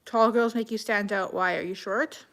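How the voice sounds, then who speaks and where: A woman from Canada, chatting casually on a live stream and answering viewer comments, with lots of "like" and quick self-corrections. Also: mid-range voice, steady tone, vocal fry, fairly bright tone. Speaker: livestreamer reading comments.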